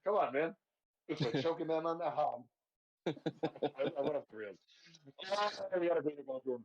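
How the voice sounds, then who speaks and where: A man's voice: on the high side, expressive, normal speed. A man talks through a horror movie with his co-hosts in a loose, rambling way, swearing freely and breaking into laughter. The recording sounds dull and lo-fi. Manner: profane, rambling, laughs a lot. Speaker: podcast host. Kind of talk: casual movie discussion.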